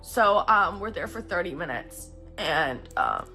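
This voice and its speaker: A woman's voice: fairly low pitch, big pitch swings, a little slow, pushed and bright, soft background music. A young woman recounting a personal story in a chatty way, full of "like" and "um". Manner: chatty, peppered with "like" and "um". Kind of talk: casual storytelling.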